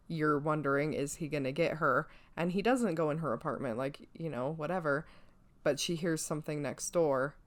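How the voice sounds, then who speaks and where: A woman co-hosting a podcast, retelling a film's plot in a chatty, lively way. Her voice is noticeably low for a woman, and she leans on "like" and "you know" as she goes. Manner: chatty, lively storytelling with frequent "like". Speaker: podcast co-host. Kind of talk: casual movie review chat.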